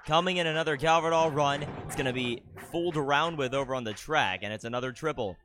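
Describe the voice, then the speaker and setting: A man's voice: fairly high pitch, fast talker, noisy background. A man calling a baseball game play by play, with dry, teasing banter with his partner between the plays. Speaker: play-by-play commentator. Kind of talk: live baseball commentary.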